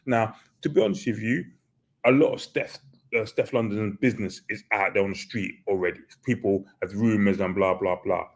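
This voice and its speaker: A man's voice: fairly low pitch, moderate pace. A man hosting a podcast, chatting casually and hesitantly, often restarting his sentences and chuckling. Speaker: podcast host. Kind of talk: casual chat.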